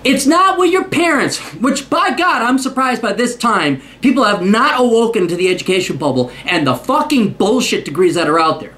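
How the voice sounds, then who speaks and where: A man's voice: high-pitched, lively intonation, moderate pace, hardly any pauses, bright, forceful tone. A man hosting a ranting monologue, profane, sarcastic and worked-up. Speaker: host.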